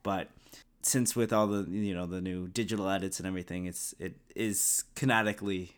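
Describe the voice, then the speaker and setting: A man co-hosting a podcast, chatting in a relaxed way, often chuckling and restarting his sentences. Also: low-pitched, brisk, smooth. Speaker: podcast co-host. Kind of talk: casual fan podcast chat.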